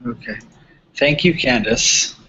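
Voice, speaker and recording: A man's voice: medium pitch, takes it slowly, bright, forceful tone, slightly rough. A man hosting a live online Q&A, politely thanking the guest and viewers as he wraps up. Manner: polite, thankful, loose wrap-up. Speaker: host. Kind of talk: closing a live Q&A. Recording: muffled lo-fi livestream audio.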